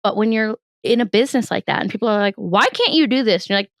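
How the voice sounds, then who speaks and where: A young woman comedian with a mid-range voice talks quickly, with no room sound on the recording. Lying in her bed as a podcast guest in a casual interview, she tells animated stories, laughs often, and acts out what people said.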